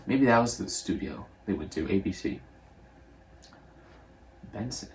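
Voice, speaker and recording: Low-voiced young man recapping a movie. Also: expressive, a little hiss or hum. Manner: rambling, offhand, quotes characters in quick voices. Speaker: movie reviewer.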